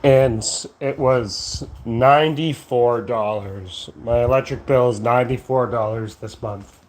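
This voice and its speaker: A sleepy man rambles into his phone outdoors late at night, drawling at a slow, unhurried pace. His talk meanders from topic to topic, peppered with swearing, and he keeps yawning as he winds down. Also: mid-range voice, a little mellow, slight background noise. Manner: slow, drowsy, profane, meandering. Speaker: vlogger. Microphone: phone camera.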